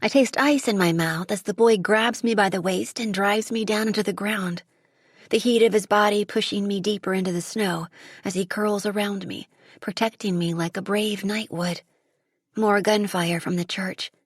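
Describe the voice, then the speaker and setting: A woman's voice: mid-range voice, fairly even intonation, normal speed, husky, no echo, clean studio sound. A woman narrating a first-person audiobook, telling the story in a vivid, dramatic way.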